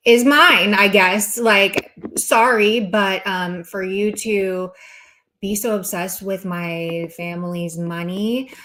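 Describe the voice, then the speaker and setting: A woman's voice: medium pitch, fairly bright tone. A young woman on a livestream, delivering a heated, sarcastic rant full of swearing and mock apologies.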